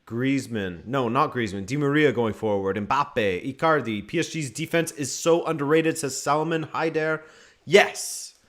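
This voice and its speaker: Man, casual live football commentary, jokey, chatty, mid-range pitch. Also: normal speed, hardly any pauses, fairly bright tone. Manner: chatty, joking, reads viewer comments. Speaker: watchalong host.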